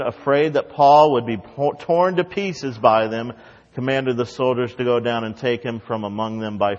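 Preaching man in a reverberant hall. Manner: swings from soft asides to loud, high emphatic preaching. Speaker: pastor. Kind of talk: sermon. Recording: dull sound with long hall reverb.

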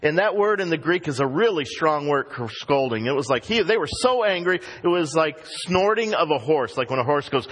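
A man preaching a sermon as pastor, emphatic and animated, acting out the voices he quotes. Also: on the high side, normal speed, few pauses. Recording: long reverb of a hall.

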